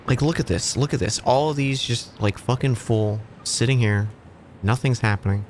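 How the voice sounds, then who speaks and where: A man's voice: mid-range voice, normal speed, a little hiss or hum. A man streaming a factory game, chatting casually with his viewers and swearing offhandedly. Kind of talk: casual gaming commentary.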